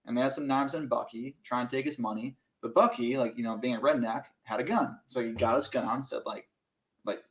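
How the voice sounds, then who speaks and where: A man's voice: medium pitch, a little fast. A young man from Minnesota, a podcast guest, telling a story casually and animatedly, acting out voices and saying "like" a lot. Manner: animated, acts out voices in his stories, many "like" fillers.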